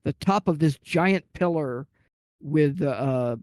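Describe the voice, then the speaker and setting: A man's voice: a little high, slow, darkish tone, no room sound. A man casually telling a long, rambling anecdote on a podcast, acting out the quotes. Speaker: podcast guest telling a gaming story. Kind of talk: casual storytelling chat.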